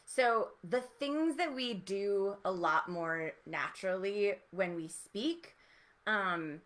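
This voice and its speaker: A woman voice teacher giving an encouraging, explanatory lesson with relaxed spoken demonstrations. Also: medium pitch, slow pace. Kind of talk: online voice lesson.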